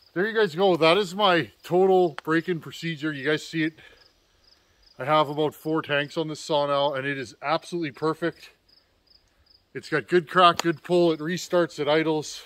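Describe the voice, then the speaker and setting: A man's voice: a little high, fairly even intonation, moderate pace, fairly bright tone. Breathless folksy man chatting to viewers. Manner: folksy, calls viewers "friends"; chuckling between words. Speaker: chainsaw builder and channel host. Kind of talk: casual outdoor video chat.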